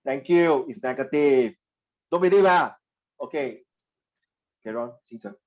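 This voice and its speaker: A man teaching a history class, animated and teasing, slipping Mandarin phrases into his English. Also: mid-range voice, a little slow, highs cut off. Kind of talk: classroom lecture.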